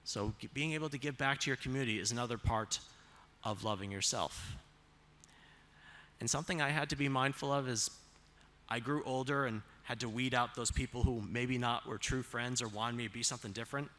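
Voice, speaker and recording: Brief: man of mid pitch, presenter with slides, measured and deliberate, stretches key phrases, asks the room rhetorical questions. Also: steady tone, sharp tone. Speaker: self-advocate presenter on autism.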